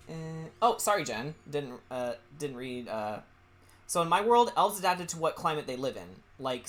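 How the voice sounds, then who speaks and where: A bright, tense-edged voice with pitch that leaps around in lively fashion. This streamer chats casually while drawing, rambling and hesitating with plenty of fillers. The talk is loose and unscripted, as on a relaxed livestream. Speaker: streamer and artist.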